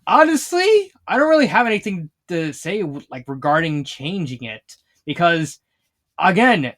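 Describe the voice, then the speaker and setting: A fanfiction reviewer talking casually, rambling with many restarts and fillers and laughing often while retelling scenes. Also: medium pitch.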